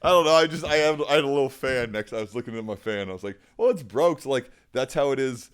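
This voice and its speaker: A man's voice: mid-range voice, steady tone, fast, a bit bright, clean tone. A man co-hosting a podcast, rambling and joking in casual chat and laughing often. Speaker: podcast co-host.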